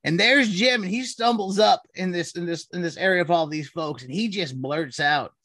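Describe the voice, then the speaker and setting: Guy with a high voice, keeps laughing through his stories, dry close mic. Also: normal speed, a bit bright, no room sound. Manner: laughs often while telling stories. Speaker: friend sharing memories. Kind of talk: casual conversation.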